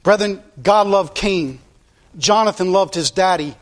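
A man's voice: sits high, moderate pace, a bit bright. A male pastor preaching a sermon in a blunt, impassioned way, repeating his points.

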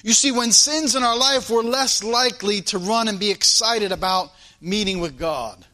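Earnest high-voiced preacher man. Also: moderate pace, sharp tone. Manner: earnest, questioning, repeats phrases. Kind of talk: sermon.

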